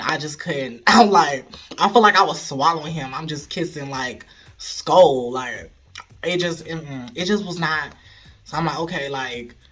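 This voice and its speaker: A man telling a frank, animated story straight to his viewers, casual vlog style, recorded at home. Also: fairly high pitch. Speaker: storyteller vlogger.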